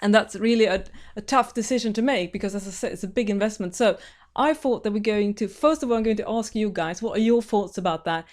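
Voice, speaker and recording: A woman's voice: mid-range voice, fast, darkish tone. A woman with a Swedish accent hosting a sewing live stream, chatting and greeting viewers by name. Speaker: sewing channel host. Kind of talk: casual live-stream chat. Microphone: webcam live stream.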